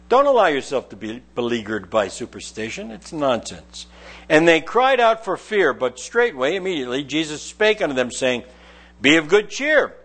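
A man preaching a sermon, reading scripture aloud and then explaining it in chatty, joking asides. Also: on the high side. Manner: animated, jokes and laughs with listeners. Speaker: pastor.

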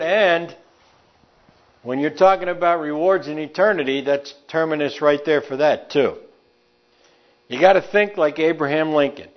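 A man with a New York accent delivers an emphatic sermon, reading scripture and drawing out words to drive a point home. His voice sits a bit higher than most men's. The recording is dull and lo-fi. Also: expressive, unhurried. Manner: emphatic, stretches words for stress. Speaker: preacher.

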